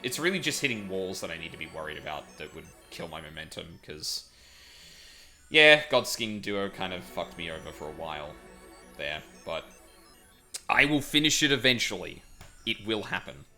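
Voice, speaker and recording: A man's voice: low-pitched, big pitch swings, moderate pace, sharp tone, faint music behind. A man streaming, chatting casually and rambling with lots of fillers and self-corrections. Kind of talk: casual stream wrap-up chat.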